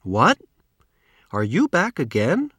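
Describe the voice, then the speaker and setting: A surprised gate guardian from a storybook, read by a man. His questions swing up and down with lively pitch. Every word is slow and deliberate, in a dry, close sound. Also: no room sound. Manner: slow, clearly enunciated reading. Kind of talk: storybook read-aloud for learners.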